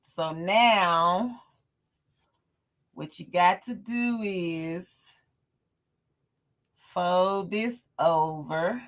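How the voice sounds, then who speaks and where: A woman's voice: fairly low pitch, very slow, long pauses, a bit bright. A woman hosting a casual livestream sewing lesson, chatty and laughing often as she talks to her live chat. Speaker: sewing tutorial host.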